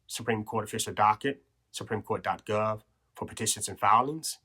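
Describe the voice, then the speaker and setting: A man's voice: fairly low pitch, normal speed, bright, forceful tone, husky. A man hosting a podcast, explaining legal rights in an earnest coaching way, checking in with "okay?" and "right?", a little out of breath. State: slightly out of breath. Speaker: podcast host. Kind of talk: instructional talk on legal rights.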